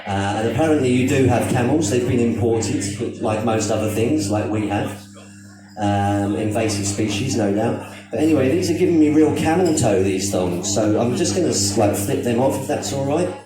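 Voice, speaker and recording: Rambling British comic in a mock Aussie accent. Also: male voice, medium pitch, animated, normal speed. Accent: mock Australian over British. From Britain. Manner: rambling, self-mocking, swears freely. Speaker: stand-up comedian. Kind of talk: live stand-up comedy. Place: stage at a live comedy show. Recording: very echoey, distant from the mic, music behind.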